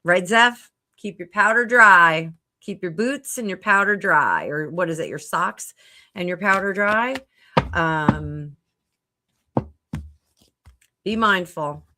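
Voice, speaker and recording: Speaking slowly in a fairly low, bright, forceful and expressive voice, a middle-aged woman runs a psychic livestream from home on a computer mic. She answers viewers casually, thinking aloud with plenty of fillers and restarts.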